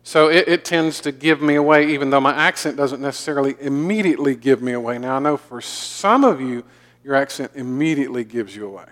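Southern pastor preaching in a reverberant hall. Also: male voice, medium pitch, a little fast, a bit bright. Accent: mild Southern American. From American South. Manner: folksy, joking, with frequent repeated words. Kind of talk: sermon. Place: church sanctuary.

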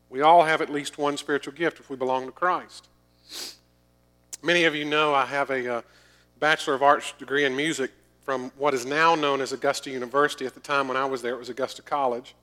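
A middle-aged man preaches from the pulpit in an earnest, emphatic way, slipping in the odd dry aside. His voice sits a little high and rings bright and forceful. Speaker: pastor. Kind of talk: sermon.

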